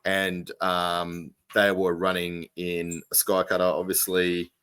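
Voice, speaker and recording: Male podcast co-host, very low voice, rambling casual delivery, dry close sound. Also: completely flat delivery, slow, a bit bright, clean tone, no echo. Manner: rambling, lots of fillers and restarts. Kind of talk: casual chat.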